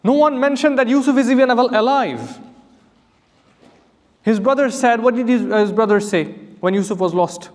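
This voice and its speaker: In a mosque hall with long hall reverb, an imam gives an earnest Quran commentary lecture, asking rhetorical questions and reciting Arabic verses. His voice is extremely high-pitched and moderately paced.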